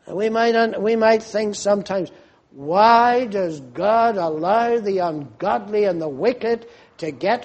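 A man preaching a fervent sermon, slow and emphatic, rising to loud cries when quoting pleas to God. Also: high-pitched.

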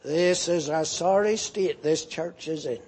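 A man's voice: a little high, a little slow, a little mellow, husky. A man pastor preaching an earnest, rebuking sermon with emphatic repetition.

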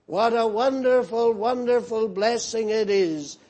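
Man, preacher, evening sermon, high voice, unhurried, solemn, earnest, emphatic then hushed.

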